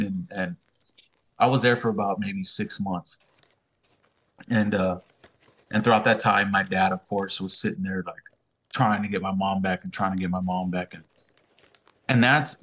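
A man's voice: fairly low pitch, a bit bright. A young man, a podcast guest telling a personal story in casual talk, swearing freely and acting out what others said.

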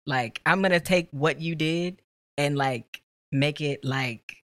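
A woman's voice: deep voice, slow pace, a bit bright, no echo, studio quality. A woman chatting casually with her partner on a podcast, teasing him playfully and laughing often. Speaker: podcast co-host. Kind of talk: casual couple chat. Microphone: studio mic.

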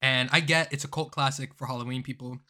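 A man co-hosting a casual podcast with a bright, forward voice. He talks in an animated, theatrical way and slides easily into exaggerated rants. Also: mid-range voice, fast. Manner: animated, dramatic outbursts, ranting. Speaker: podcast co-host.

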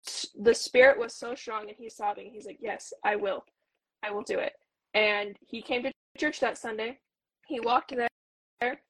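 A woman in her twenties, a returned missionary, earnestly shares a personal story as an interview guest, peppering her speech with "like." Her voice sits on the high side and sounds a bit bright, captured in a dry, poor-quality recording.

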